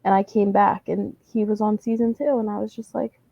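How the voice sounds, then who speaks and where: A young woman co-hosting a podcast, chatting casually and acting out her kids in animated stories. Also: mid-range voice, a little fast, gravelly, dry recording, highs cut off. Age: young adult. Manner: animated storytelling, acts out kids' voices. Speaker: podcast co-host. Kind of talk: casual chat.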